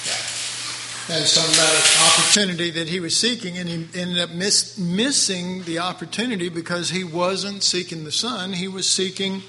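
A man's voice: high voice, steady tone, normal speed, in a large hall, noisy background. A man preaching a Bible class in a folksy, conversational way, with chuckling asides. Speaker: Bible teacher. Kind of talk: sermon.

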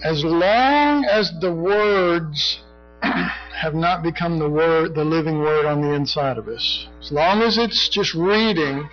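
A middle-aged or older man leads a Bible study in a loose, rambling preaching style, peppered with "you know" and clearing his throat. His voice sits high for a man. The recording is dull and lo-fi, with faint music underneath. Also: slow pace. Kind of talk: conversational sermon teaching.

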